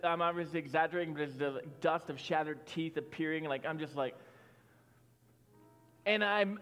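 Pastor preaching in a reverberant hall. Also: male voice, on the high side, normal speed, long pauses, smooth. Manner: conversational storytelling with fillers, swelling loud then dropping soft. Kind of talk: sermon. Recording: long hall reverb with soft music.

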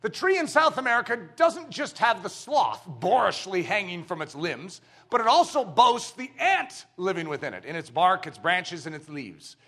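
A male preacher in his thirties or forties delivers a sermon with playful emphasis. His fairly high voice leaps around in pitch, with a bright, forceful edge. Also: sing-song, normal speed, hardly any pauses.

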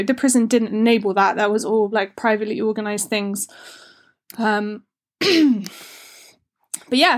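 A woman giving an informal workshop talk in a chatty, frank way, with loose run-on phrasing. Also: fairly high pitch. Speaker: workshop speaker.

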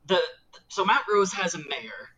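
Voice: medium pitch, very animated, unhurried, a crowd in the background, poor audio. A podcast co-host chatting casually about a film, enthusiastic and acting out favorite lines. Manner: enthusiastic, acts out quotes.

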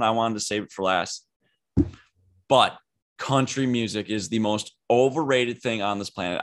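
A young man co-hosting a podcast, chatting casually and giving blunt, rambling opinions. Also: medium pitch. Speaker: podcast co-host. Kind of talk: casual chat.

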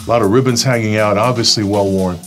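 A man's voice: on the low side, steady tone, fast talker, soft background music. New man telling his story. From Brooklyn, New York. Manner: storytelling, acts out quoted voices. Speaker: guest giving a testimony. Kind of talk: personal testimony.

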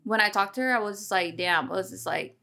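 A woman's voice: mid-range voice, quick pace, gravelly, bright, forceful tone. A young woman hosting a casual podcast chat, candid, swearing freely and laughing often. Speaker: podcast host.

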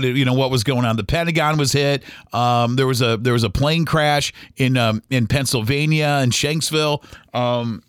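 A middle-aged man, a podcast host and former radio DJ, telling a story in a halting, rambling way with many restarts. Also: medium pitch, dry recording, clean studio sound. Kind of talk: casual storytelling monologue.

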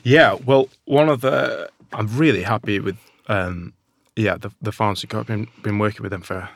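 A man's voice: lowish voice, normal speed, vocal fry, dry recording. A man with a Northern English accent in a casual podcast conversation, talking enthusiastically with lots of restarts and fillers. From Northern England. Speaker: nut producer and guest.

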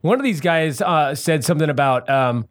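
A high-pitched male podcast co-host in casual comedic banter. He tells jokey stories and laughs often, and he drops into mocking voices mid-anecdote. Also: expressive, normal speed.

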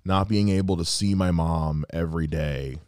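At normal speed, a man in his thirties speaks in a low-pitched, slightly mellow voice on his solo podcast. He reflects earnestly on a person close to him, adding quoted asides, and there's no room sound.

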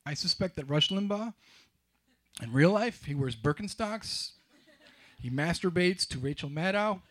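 A middle-aged man telling a wry, self-mocking personal story on stage, with halting restarts. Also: a little high, lively intonation, fairly bright tone. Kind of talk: live storytelling.

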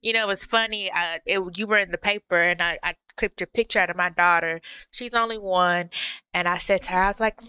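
A woman's voice: on the low side, fairly even intonation, a little fast, sharp tone, smooth, no echo, low-quality recording. A woman hosting a podcast, chatting in an effusive, casual way. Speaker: podcast host. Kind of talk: casual chat.

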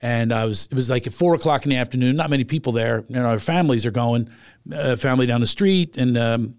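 A man's voice: medium pitch, quick pace, dry recording, clean studio sound. A man from Philadelphia in casual chat, telling stories animatedly and acting out the people in them. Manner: animated storyteller who acts out the people in his anecdotes.

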